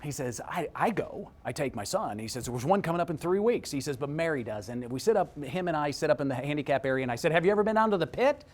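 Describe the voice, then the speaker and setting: A middle-aged man giving an energetic motivational talk, telling a story and acting out the voices of the people in it, swinging from hushed to shouting. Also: a little high, fast talker, hardly any pauses. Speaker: motivational speaker.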